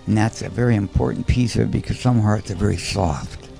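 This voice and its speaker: A man's voice: fairly low pitch, a little fast, gravelly, mellow. A man talking earnestly and casually about animals he trained, with faint film music behind. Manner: earnest storytelling. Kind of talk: casual commentary chat.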